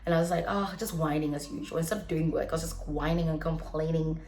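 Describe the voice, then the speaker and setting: A young adult woman vlogging in a casual, chatty way, animated and laughing often, with many fillers. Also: sits low, fast. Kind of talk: casual chat. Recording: echoey room.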